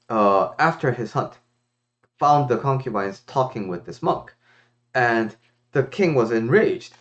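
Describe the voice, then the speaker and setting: This lo-fi clip features a lowish male voice belonging to a life coach. Speaking casually and reflectively to a viewer on camera, he comes across as thoughtful and expressive, often using fillers and starting sentences over.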